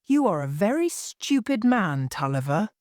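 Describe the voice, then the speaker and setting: A woman's voice: mid-range voice, very animated, moderate pace, darkish tone, no room sound, clean studio sound, voice pushed up, lightly acted. A woman reading the lines of a cold, scornful lawyer in a story, curt and contemptuous.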